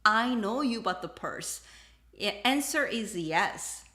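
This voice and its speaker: A woman teaching a live online language lesson, her voice swinging widely in pitch as she acts out little example dialogues. She switches between English and Korean. The sound carries a noticeable room echo. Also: sing-song, a little slow, fairly bright tone.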